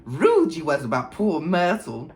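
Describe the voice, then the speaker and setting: A man's voice: a little high, huge pitch swings, measured pace, voice pushed up, full character voice. A man reading a storybook, voicing a mischievous little male poltergeist who talks slyly and mockingly. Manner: sly, mocking, bellowing.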